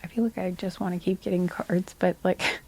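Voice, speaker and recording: A tired woman giving a relaxed tarot card reading, soft-spoken and rambling, trailing off with fillers. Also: lowish voice, brisk, creaky, dry recording. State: tired and sleepy.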